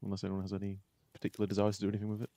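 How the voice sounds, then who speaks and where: A man playing a tabletop game who speaks in a measured, thoughtful way. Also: fairly low pitch, monotone, mellow, dry recording. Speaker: player.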